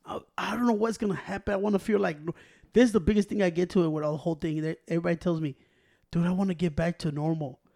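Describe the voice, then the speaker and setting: High-voiced mocking man ranting. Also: fairly even intonation, fast talker, gravelly, dark tone. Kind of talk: casual chat.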